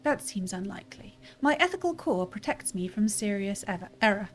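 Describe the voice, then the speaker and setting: A woman's voice: mid-range voice, lively intonation, brisk, lightly acted. A woman reading aloud the lines of a formal, dutiful male robot servant in a stiff, polite manner. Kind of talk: reading game dialogue aloud.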